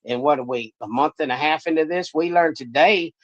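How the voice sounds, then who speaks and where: A blunt, indignant man with a fairly high voice. He speaks in a played video clip. The audio is dull and lo-fi. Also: a little fast, dry recording.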